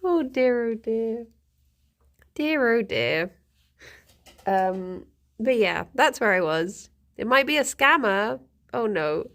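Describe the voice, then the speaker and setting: A young woman streaming, telling a story in a casual, giggly, animated way. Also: on the high side, takes it slowly, pauses often. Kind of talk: casual chat.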